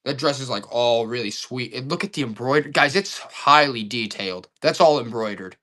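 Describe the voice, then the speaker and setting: A man's voice: medium pitch, a little fast. A man selling items on a live auction stream, hyping each piece and talking to his viewers. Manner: excited hype salesman talk.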